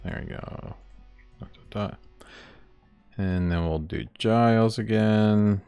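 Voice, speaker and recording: A man's voice: fairly low pitch, fairly even intonation, takes it slowly, vocal fry, dark tone, smooth, no room sound, lo-fi sound, soft background music. A man livestreaming as he builds his game, thinking aloud, rambling and chuckling as he works through each step. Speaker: indie game developer streaming his work. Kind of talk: casual livestream, thinking aloud while working.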